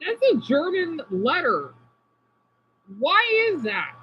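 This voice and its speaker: A woman's voice: high-pitched, wildly swooping pitch, takes it slowly, dull audio, a little hiss or hum. A woman live-streaming in a casual, chatty way, talking to viewers by name and sounding out unfamiliar words. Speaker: livestreamer reading chat.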